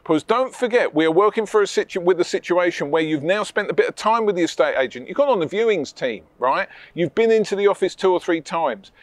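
Emphatic property coach. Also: male voice, sits high, lively intonation, fast talker, hardly any pauses, no room sound. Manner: emphatic and repetitive, with tag questions. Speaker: property sourcing trainer. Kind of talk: energetic coaching talk.

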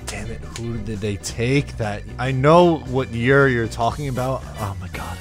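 A man with a middling voice chats about hockey in a relaxed, easy way. He reacts quickly and chuckles along with his co-host. Faint music runs quietly behind. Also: medium pitch. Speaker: podcast co-host. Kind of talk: casual hockey chat.

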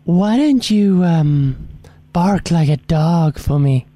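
A woman's voice: fairly low pitch, expressive, slow, warm tone, no room sound. A woman making a radio prank call in a flirty, teasing way, giving playful orders.

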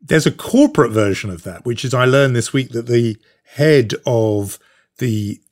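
A man's voice: medium pitch, sing-song, unhurried, darkish tone. A British man hosting a news podcast, talking things through thoughtfully with frequent fillers and restarts. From Britain. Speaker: podcast host. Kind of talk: conversational news discussion.

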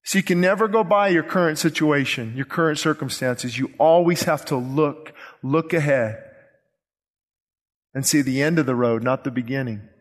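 High-voiced man preaching in a reverberant church. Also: moderate pace. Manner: urgent, impassioned preaching with repeated phrases. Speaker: pastor. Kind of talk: sermon. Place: church sanctuary. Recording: long reverb of a church hall.

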